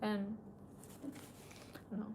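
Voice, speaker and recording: A woman's voice: drawn-out words, a little mellow, a little hiss or hum. A young woman streaming late at night, a bit tipsy and emotional, tearfully answering her chat in casual talk.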